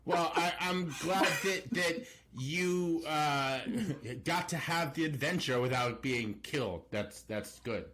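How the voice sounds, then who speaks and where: Higher-voiced male podcast host. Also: slow pace, noisy background. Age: 30s. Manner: affirming, hesitant with repeated words. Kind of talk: casual interview chat.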